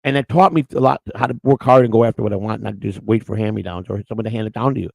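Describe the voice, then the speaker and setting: A man's voice: fairly low pitch, very fast, creaky, no echo, low-quality recording. A man hosting a live-stream morning show, rambling in unscripted chat, blunt and crude, restarting his words again and again.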